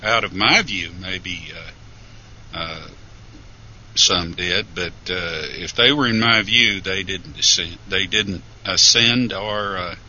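A man, a radio guest answering questions slowly and haltingly. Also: low-pitched, sharp tone, a little hiss or hum. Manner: slow, halting, many uh fillers. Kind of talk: radio interview. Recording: dull lo-fi radio sound.

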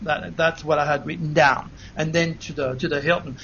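A man giving an earnest, animated first-person account to an interviewer, with frequent restarts. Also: fairly high pitch, moderate pace, slight background noise. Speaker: interview guest. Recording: dull lo-fi recording.

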